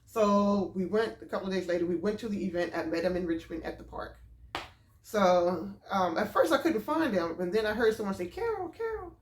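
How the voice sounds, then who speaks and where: Woman vlogger, animated storytime, middle pitch, roomy echo. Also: fairly quick. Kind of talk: storytime vlog.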